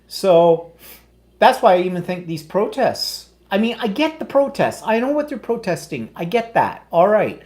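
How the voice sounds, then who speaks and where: A man's voice: high voice, normal speed. A man from Canada co-hosting a casual livestream chat, reading viewer comments and ranting bluntly about the news. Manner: blunt, opinionated, animated ranting.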